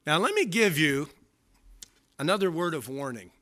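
A man's voice: on the high side, sing-song, moderate pace, bright, forceful tone. A male pastor preaching a sermon with emphatic delivery, often repeating words for stress.

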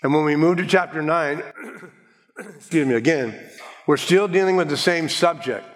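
Pastor teaching verse by verse. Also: male voice, a little high, big-room sound. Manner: measured, explanatory, slows to stress key words. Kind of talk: expository Bible teaching sermon.

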